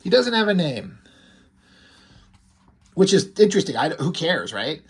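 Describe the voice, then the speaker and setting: Casual comic reviewer, loose and rambling, amused; mid-high male voice. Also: very animated, measured pace, husky. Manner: rambling, amused, many fillers.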